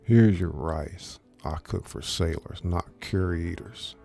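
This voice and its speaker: A man voicing a rude, scornful ship's cook in a low half-whisper, as whispered role-play. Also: slow, creaky, warm tone, faint music behind, full character voice.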